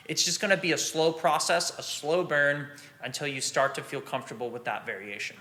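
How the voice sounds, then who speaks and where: A man teaching drum rudiments in a relaxed, practical way, sometimes scatting the rhythms aloud. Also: fairly high pitch, brisk, very noisy. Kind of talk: instructional explanation.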